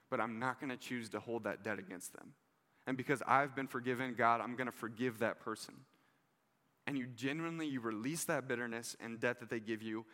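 A man's voice: medium pitch, fairly bright tone, big-room sound. A man preaching a sermon in an earnest, conversational way, with casual asides to the listeners. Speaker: pastor.

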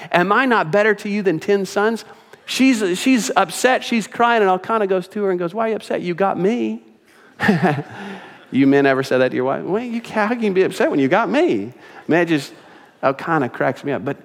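Pastor guy preaching, kinda high voice, goes big then drops way soft, church echo all around. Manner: swings from loud emphatic points to soft hushed asides, repeats phrases. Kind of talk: sermon. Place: church sanctuary. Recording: church sanctuary with long reverb.

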